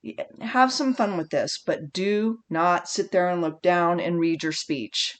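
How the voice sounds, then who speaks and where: A speech instructor with a lowish voice talks a little slowly in a recorded online lecture. She stays animated and conversational, regularly stopping to correct herself in the middle of a sentence.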